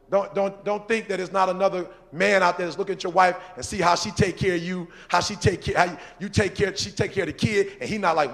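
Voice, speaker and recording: A man with a gravelly, slightly high voice gives an informal church talk. He repeats his lines for emphasis and speaks straight to the men in the audience, with laughs between his points. His tone stays loose and conversational, as in a discussion with questions from the floor. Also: fast, few pauses, fairly bright tone. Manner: talks to men in the audience directly.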